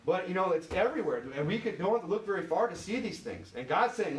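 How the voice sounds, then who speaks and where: A man's voice: sits high, lively intonation, fast. Michigan guy preaching a chatty sermon, lots of you knows, mic far off in an echoey church. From Michigan, USA. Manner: conversational, many "you know"s, asks the congregation questions. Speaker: pastor. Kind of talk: informal sermon. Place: church sanctuary.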